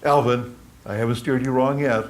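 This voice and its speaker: A man voicing God in a joke as a booming, insistent male voice that gives slow commands. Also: steady tone, lightly acted. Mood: commanding.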